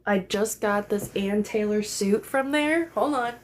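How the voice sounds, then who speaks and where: A woman's voice: medium pitch, measured pace, slight background noise. A young woman hosting a casual phone livestream from home, chatty and rambling, swearing freely. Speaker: livestream host. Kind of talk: casual live chat. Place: home, in bed.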